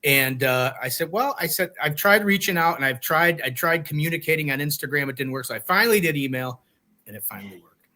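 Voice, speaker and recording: A man's voice: a little high, animated, a little fast, bright, forceful tone. A man hosting a casual podcast chat, teasing and rambling as he talks. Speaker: podcast host.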